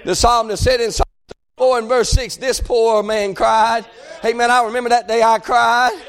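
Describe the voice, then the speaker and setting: A man preaching a fiery revival sermon, chanting and crying out in rising, shouted bursts. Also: extremely high pitch, little pitch movement, normal speed, clear, resonant tone.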